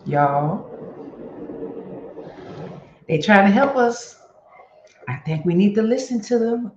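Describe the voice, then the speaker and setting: A woman hosting a casual motivational vlog, talking to her viewers in an animated, chatty way. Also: medium pitch, slow, pauses often, a little hiss or hum. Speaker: host. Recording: echoey room with dull lo-fi sound.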